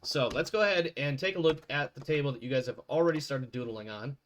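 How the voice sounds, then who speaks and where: A man's voice: mid-range voice, quick pace, a little hiss or hum. A man running an online tabletop game as game master, talking over a voice call in a rambling way and often correcting himself.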